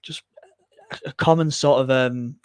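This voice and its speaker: A man co-hosting a live cricket watchalong, chatting quickly and casually, often checking for agreement with tag questions. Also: mid-range voice, steady tone, smooth, no echo, studio quality. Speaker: cricket podcast co-host.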